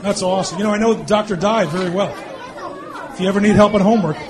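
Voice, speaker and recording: Joking mayor, high voice, crowd behind. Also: male voice. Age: born 1964, 50s or 60s. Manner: teasing, quick quips, laughs often. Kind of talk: joking with children at a public meeting. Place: meeting hall with an audience.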